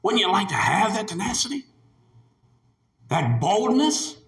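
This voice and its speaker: A man preaching a sermon in an emphatic, animated way, repeating his key phrases. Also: high voice, measured pace, roomy sound.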